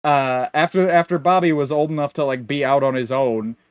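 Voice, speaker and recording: A young adult man co-hosting a podcast, talking in casual, rambling chat that is animated and full of restarts. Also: medium pitch, a little fast, smooth, no room sound, studio quality. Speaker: podcast co-host.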